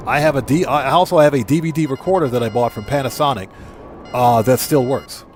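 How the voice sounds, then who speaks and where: A man's voice: medium pitch, brisk, darkish tone, soft background music. A middle-aged man hosting a gaming livestream, chatting casually, rambling and correcting himself as he reads chat aloud. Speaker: livestream host.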